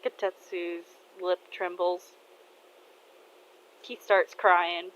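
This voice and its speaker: Slow-talking woman telling a story. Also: fairly low pitch, level tone, muffled recording. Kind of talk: casual fan-fiction narration.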